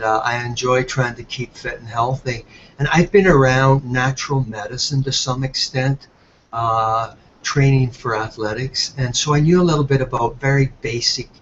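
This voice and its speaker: A man's voice: medium pitch, fairly bright tone. A man with an Irish accent giving a friendly, rambling talk full of fillers on a webinar. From Ireland. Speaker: presenter on a webinar. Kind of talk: casual talk. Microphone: computer mic on a web call. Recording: dull web call audio with faint noise.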